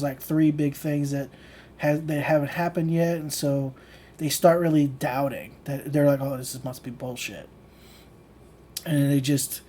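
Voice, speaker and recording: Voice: medium pitch, dark tone. Blunt, profane livestream ranter. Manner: loose and conversational, full of "like" fillers; laughs between points. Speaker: channel host teaching manifestation. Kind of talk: casual livestream rant.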